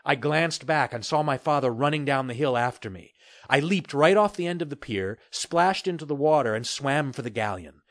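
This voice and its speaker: Expressive male storybook narrator. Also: mid-range voice, normal speed, no echo, clean studio sound. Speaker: audiobook narrator. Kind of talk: scripted narration.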